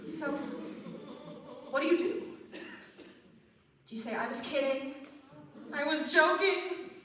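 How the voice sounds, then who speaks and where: A woman's voice: high-pitched, takes it slowly, a bit bright. A woman playing a rambling lonely theater fan. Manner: confiding, rambling, asides to the audience. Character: wistful, nerdy middle-aged male musical fan narrating. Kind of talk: stage monologue. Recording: echoey theater from far off, audience noise.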